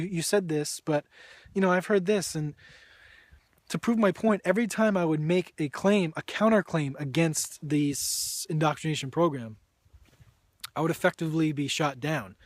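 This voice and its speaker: A man's voice: on the high side, no echo. A man giving an earnest, preachy opinion monologue to camera, often restarting his sentences. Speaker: vegan video blogger and author.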